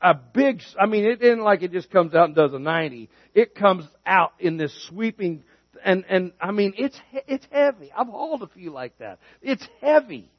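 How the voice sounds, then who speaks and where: A man preaches a sermon, telling homespun stories and building to emphatic points. His voice sits high for a man. The sound is dry and a little dull. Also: expressive, moderate pace, dry recording. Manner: folksy storytelling preacher, rises in pitch for emphasis. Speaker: pastor.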